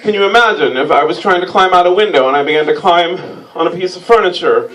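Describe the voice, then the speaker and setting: A man hosting a comic stage reading, teasing his volunteers in a dry, mock-pompous deadpan. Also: high-pitched, fast. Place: stage before a live audience. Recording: distant mic, loud crowd laughter and noise.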